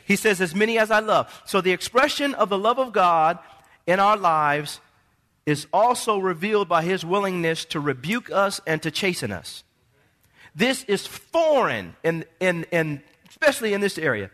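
A male pastor delivers a fervent sermon in a church sanctuary, calling out to the congregation for responses. His voice sits high and bright, with wide, lively swings in pitch as he moves from hushed tones to shouts. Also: normal speed. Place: church sanctuary during a service.

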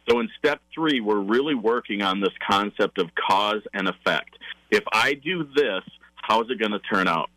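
A man's voice: on the low side, sharp tone, dry recording, rough recording. A man who facilitates parenting classes, guesting on a radio interview and explaining his method step by step with enthusiasm.

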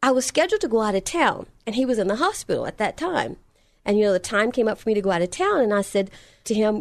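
A woman's voice: medium pitch, animated, fast, no room sound. A middle-aged woman telling a personal testimony story in an earnest, emphatic way, repeating phrases for effect.

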